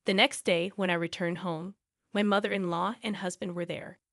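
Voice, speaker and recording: A woman narrating a first-person family drama story in a steady, plain way. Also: fairly low pitch, normal speed, vocal fry, no echo, studio quality.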